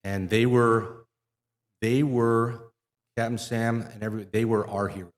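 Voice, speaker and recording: A man's voice: mid-range voice, steady tone, measured pace. A middle-aged man from the Midwest, a marina owner talking in a casual interview with many fillers and restarts. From Wisconsin, US Midwest. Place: live show at a fishing center. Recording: long reverb of a large live venue.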